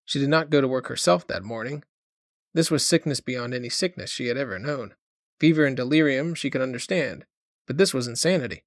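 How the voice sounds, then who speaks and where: A man reading a short story aloud as an audiobook narrator, in a measured storytelling manner. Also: mid-range voice, no echo, clean studio sound. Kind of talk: scripted narration.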